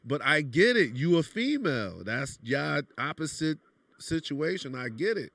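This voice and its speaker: A man's voice: a little high, big pitch swings, a little slow, creaky, fairly bright tone, dry recording. A man from New York with a New York accent, speaking bluntly in casual podcast chat. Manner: blunt, streetwise, repeats "you know what I'm saying". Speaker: podcast guest.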